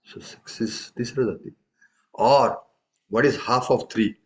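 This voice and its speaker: In dull, lo-fi audio, a man with a medium-pitched voice gives a live tabla lesson at a moderate pace. He explains things patiently and regularly asks questions to check in.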